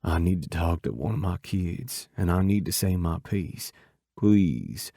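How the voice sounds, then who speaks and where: A man voicing a dying older man, talking weakly and slowly with a drawl. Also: sits low, expressive, gravelly, warm tone, dry recording, studio quality, pitched below the performer's own voice, exaggerated voice. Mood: fading. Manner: weak, slow, drawling. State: weak and fading. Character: dying older man, fearful yet resigned.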